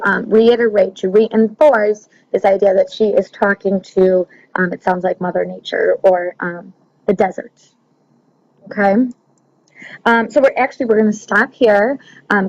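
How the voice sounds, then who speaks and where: Woman teacher explaining with frequent ums. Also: mid-range voice. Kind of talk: recorded classroom lesson. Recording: slightly dull lo-fi recording.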